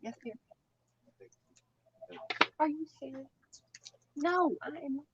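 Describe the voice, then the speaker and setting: A chatty woman hosts a relaxed crafting stream, teasing and chatting between bites of food. Her voice comes through a dull, lo-fi recording with a clear layer of background noise. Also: sits high, takes it slowly. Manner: chatty and teasing, eating while talking. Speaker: craft channel host. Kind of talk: casual chat during a crafting livestream.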